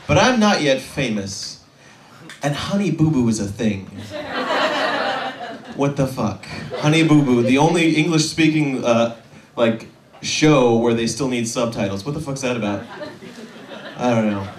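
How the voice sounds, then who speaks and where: A man's voice: mid-range voice, animated, far from the mic, a little hiss or hum. A young man in his twenties working through a stand-up set, rambling and poking fun at himself, often stalling on little fillers. His voice sits in an ordinary middle range and carries a roomy echo, picked up from some way off the mic. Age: 20s. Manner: rambling, self-deprecating, halting with fillers. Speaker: stand-up comedian.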